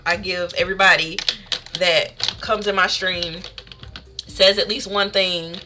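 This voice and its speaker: A woman's voice: mid-range voice, sharp tone, slight background noise. A woman streamer chatting casually with her live audience, bubbly and chatty, laughing often.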